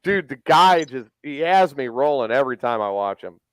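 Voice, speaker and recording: A man's voice: mid-range voice, very animated, normal speed, clear, resonant tone, dry recording. A man co-hosting a podcast in loose, profane casual chat, laughing often. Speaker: podcast co-host.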